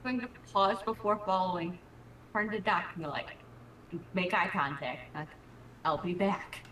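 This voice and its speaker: A woman's voice: lowish voice, lively intonation, moderate pace, fairly bright tone. A woman player in a tabletop game, describing her moves hesitantly with many fillers. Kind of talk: casual tabletop play. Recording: distant mic with faint background noise.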